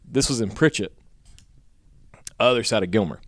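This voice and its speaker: A man co-hosting a podcast, telling a rambling, profane story in casual chat and getting animated when he quotes others. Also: on the low side, normal speed, no echo, clean studio sound.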